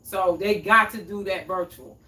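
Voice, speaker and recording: A woman's voice: medium pitch, fairly even intonation, moderate pace, sharp tone. A woman hosting a cooking livestream in a home kitchen, chatting casually and answering viewers' comments. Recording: echoey room, mic at a distance.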